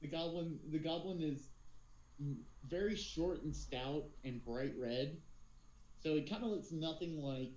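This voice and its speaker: A man narrating as game master of a tabletop game, relaxed and hesitant with many filler words. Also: a little high, unhurried. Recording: roomy echo.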